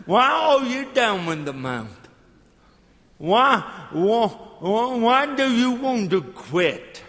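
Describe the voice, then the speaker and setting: A middle-aged man with slurred, effortful speech, preaching a slow, emphatic sermon with call-and-response. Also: sits high, fairly bright tone. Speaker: evangelist. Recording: long hall reverb.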